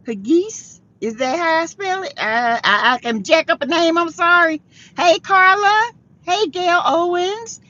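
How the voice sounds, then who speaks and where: A woman's voice: high voice, sharp tone. A woman hosting a casual live chat, tired, laughing often and greeting viewers by name. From South Carolina. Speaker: livestream host. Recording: dull lo-fi sound.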